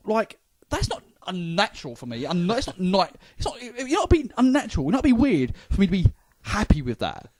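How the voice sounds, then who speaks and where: A man's voice: high voice, very animated, brisk, hardly any pauses. A man with a London accent, a comedian hosting a casual podcast chat, rambling with stammering restarts. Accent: London English. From England.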